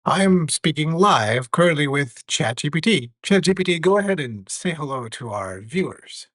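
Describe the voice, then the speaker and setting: A man teaching a lesson about AI tools with a live demo, measured and earnest. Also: fairly high pitch, animated, a bit bright, dry recording. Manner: measured, earnest, some fillers.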